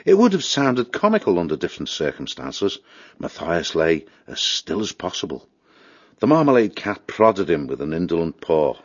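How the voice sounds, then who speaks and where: A man reading a storybook aloud in a steady, expressive voice. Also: low voice, normal speed, no room sound, muffled recording. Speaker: narrator. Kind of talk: storybook narration.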